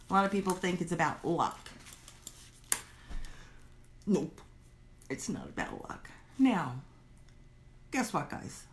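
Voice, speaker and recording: A woman teaching a workshop in a chatty, animated way, acting out the worried inner voices of her listeners. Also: medium pitch, measured pace, long pauses, a little hiss or hum. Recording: roomy echo.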